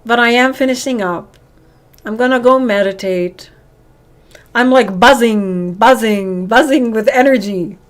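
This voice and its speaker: A woman's voice: fairly high pitch, a little slow. A woman hosting a live stream, talking casually and earnestly to her viewers, calling them honey. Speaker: livestream host.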